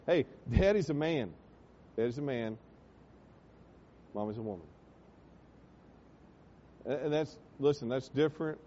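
A male pastor preaching a sermon in church, building to loud passionate peaks and then dropping low and earnest. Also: muffled recording, slight background noise. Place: church sanctuary.

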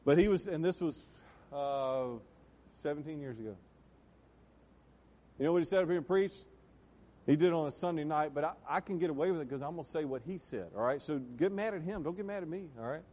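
High-pitched pastor guy preaching, loud then quiet, muffled sound in a big echoey church. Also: fairly quick, pauses often. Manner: emphatic, swings from loud exhortations to quiet asides. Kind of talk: sermon. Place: church sanctuary. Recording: dull, reverberant church hall recording.

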